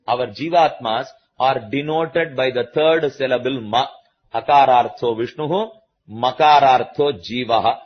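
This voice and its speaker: A man with an Indian English accent giving a slow, patient religious discourse to a listening audience, repeating key points as he explains. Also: medium pitch, dull audio. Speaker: spiritual teacher.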